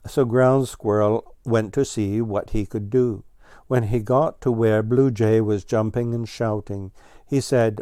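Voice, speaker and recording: A man narrates a children's storybook in a gentle, even manner. He reads slowly in a dark, mellow voice. The recording is dry and close, with no room sound. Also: fairly low pitch, no echo. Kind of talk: storybook read-aloud.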